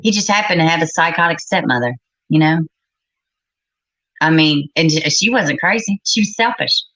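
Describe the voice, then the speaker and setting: A middle-aged woman hosts a casual livestream, talking bluntly to her chat and cursing in exasperation. Her voice sits on the low side. The recording is a little dull and muffled. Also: animated, normal speed, fairly bright tone. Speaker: livestream host.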